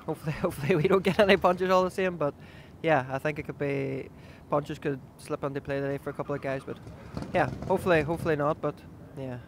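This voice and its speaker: A young man with a slightly high voice talks about the day's stages at an outdoor rally. He is easygoing and hesitant, leaning on lots of fillers. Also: steady tone, quick pace, a little hiss or hum. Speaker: rally driver. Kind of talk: trackside interview answers.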